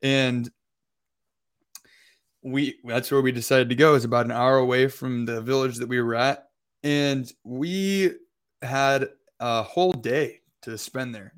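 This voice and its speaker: A young male podcast co-host recounting a trip in a casual, meandering way, full of filler words. His voice sits at an ordinary middle pitch. He comes across as chatty and loose rather than polished. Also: fairly even intonation, measured pace, clear, resonant tone. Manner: rambling, heavy use of filler words. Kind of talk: casual storytelling.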